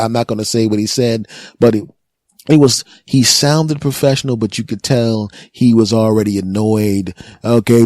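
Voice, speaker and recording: Animated, dry-voiced man telling comic stories. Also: lowish voice, a little fast, no room sound. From United States. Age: 40s. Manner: animated storyteller, acts out other voices, repeats words for effect. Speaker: comedian and podcast host. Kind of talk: storytelling comedy monologue.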